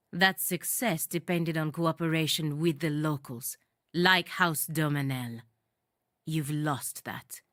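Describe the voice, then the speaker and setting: An actress voicing a cold, aloof non-human female envoy in a video game, speaking in a cool, measured and dismissive way. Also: sits low, a bit bright, dry recording, studio quality.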